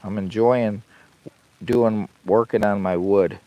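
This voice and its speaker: A man's voice: on the low side, unhurried, gravelly, pauses often, a little mellow, a little hiss or hum. An older man hosting a camping channel livestream, chatting in a rambling, folksy way from inside a heated tent. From Michigan. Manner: rambling, folksy, talks to chat and his dog. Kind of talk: casual livestream chat.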